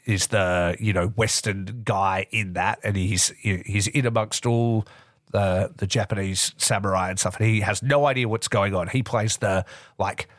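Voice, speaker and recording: A man's voice: lowish voice, dry recording, studio quality. A man co-hosting a casual wrestling podcast, swearing freely and acting out other people's lines with lots of energy. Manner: swears a lot, animated, acts out wrestlers' lines. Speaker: podcast co-host.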